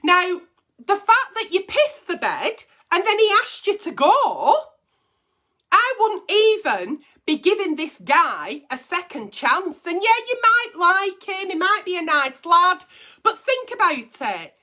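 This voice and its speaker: A woman's voice: extremely high pitch, big pitch swings, takes it slowly, bright, forceful tone. A middle-aged woman hosting a casual advice stream, blunt and profane as she reads and answers letters. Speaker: advice show host.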